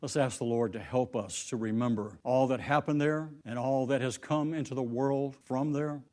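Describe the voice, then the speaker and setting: A man's voice: mid-range voice, fairly even intonation, moderate pace, mellow. A man preaching a sermon, telling a story and lifting his voice for the quoted lines.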